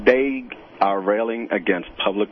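A man's voice: lowish voice, unhurried, lo-fi sound, slight background noise. A man calling into a talk radio show, shy and stammering but eager, sharing a quip and some personal chat. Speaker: caller. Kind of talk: phone-in chat.

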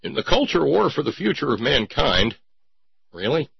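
A man's voice: mid-range voice, very animated, moderate pace, gravelly, slightly rough, no room sound. A man hosting a talk show, giving casual, wry and digressive commentary with a sarcastic edge. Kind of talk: casual radio-style commentary. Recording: dull lo-fi recording.

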